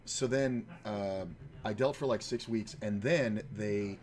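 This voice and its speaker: A man's voice: lowish voice, takes it slowly, a little mellow. A man, a poker player and former dealer, telling rambling, profane stories full of fillers while he plays online poker. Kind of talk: casual storytelling while playing online poker.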